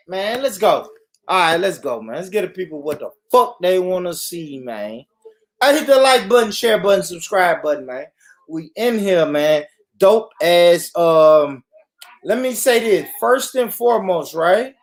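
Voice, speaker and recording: A man's voice: high voice, expressive, measured pace, no echo, low-quality recording. A man freestyle rapping and chatting to viewers, brash and boastful, with profane street slang. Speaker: rapper and video host. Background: music.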